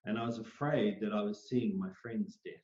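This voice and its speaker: A middle-aged man, an interview guest, telling personal stories in an animated way and acting out the voices he quotes. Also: fairly low pitch, moderate pace. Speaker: interview guest, psychic medium. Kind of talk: storytelling in a conversational interview. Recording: roomy, dull lo-fi sound.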